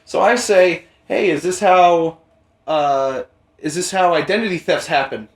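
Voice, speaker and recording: A young man hosting a podcast, telling a rambling, profane story in casual chat and jumping into animated quoted voices. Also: high-pitched, a little slow. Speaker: podcast host. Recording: roomy echo.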